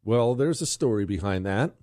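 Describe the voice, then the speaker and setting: A man's voice: on the low side, lively intonation, normal speed, no echo, clean studio sound. A man hosting a talk radio show, combative and emphatic, delivering an opinionated monologue and a live ad read. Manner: combative, emphatic, rising to loud peaks. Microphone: studio microphone.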